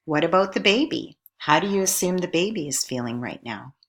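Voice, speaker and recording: A woman with a low voice narrates a recorded lesson. She speaks clearly and at a measured pace, posing question after question to her viewers as an instructor. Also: expressive, a bit bright.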